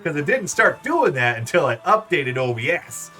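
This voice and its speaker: An animated, rambling man streaming a game. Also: on the high side, moderate pace, soft background music. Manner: rambling, animated, laughs often. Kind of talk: casual gameplay commentary.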